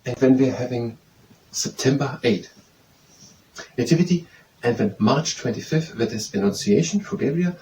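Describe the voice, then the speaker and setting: A man's voice: medium pitch, expressive, normal speed, warm tone. A man studying aloud, quizzing himself with repetitive phrases and hesitant restarts. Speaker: student memorizing aloud. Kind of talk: thinking aloud while studying. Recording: distant mic with faint background noise.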